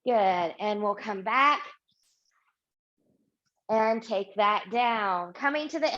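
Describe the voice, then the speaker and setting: A woman's voice: mid-range voice, takes it slowly, fairly bright tone, highs cut off, slight background noise. A woman teaching a Pilates mat class, guiding movements and saying "good" often to encourage. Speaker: Pilates instructor. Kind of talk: guided exercise class instruction.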